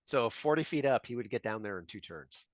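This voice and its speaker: A man's voice: mid-range voice, expressive, brisk, no echo, clean studio sound. A man playing a tabletop game who keeps asking about the rules and how his character's moves work. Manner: questioning, laughs often. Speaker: player.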